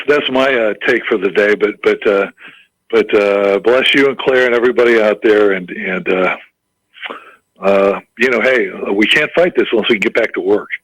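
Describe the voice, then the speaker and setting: Husky, halting male radio caller. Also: lowish voice, a bit bright, no echo, poor audio. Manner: halting, stumbling restarts. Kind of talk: casual call-in chat.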